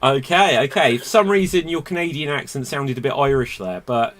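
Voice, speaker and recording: Bright-voiced playful comedy host. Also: male voice, medium pitch, animated. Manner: playful, quick to laugh. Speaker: game show host. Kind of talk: upbeat comedy show hosting.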